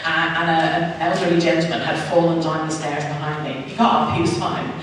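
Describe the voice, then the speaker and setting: Heard from a distance in an echoey church hall, a church speaker from Northern Ireland in her thirties shares her testimony, mocking herself and playing both parts in her conversations. She talks fairly quickly in a low voice with flat delivery, over slight background noise.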